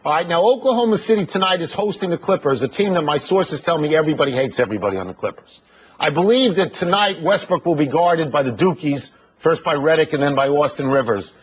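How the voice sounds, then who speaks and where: A man's voice: on the high side, animated, breathy edge. Wry, punchy male sports host. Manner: wry, punchy delivery of quick picks. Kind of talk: brisk sports debate banter. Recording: muffled podcast audio with music underneath.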